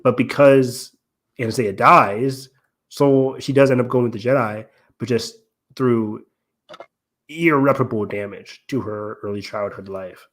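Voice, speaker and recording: This male podcast co-host has a medium-pitched, slightly bright voice and a measured pace. Chatting casually, he explains and analyzes at length, often saying um and correcting himself.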